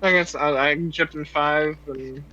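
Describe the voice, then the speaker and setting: A man playing a tabletop game, chiming in with quick, agreeable interjections. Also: on the high side, fairly even intonation, bright, forceful tone, a little hiss or hum. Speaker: player. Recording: dull lo-fi audio.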